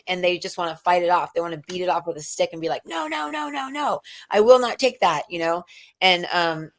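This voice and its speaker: A middle-aged woman hosting a casual spiritual chat, rambling with many fillers and restarts. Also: on the low side. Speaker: show host.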